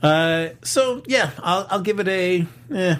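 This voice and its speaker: A man's voice: high voice, takes it slowly, fairly bright tone, a little hiss or hum. A man hosting a casual live-streamed film and box office chat, rambling with lots of fillers. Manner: rambling, many fillers and restarts. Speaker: podcast host.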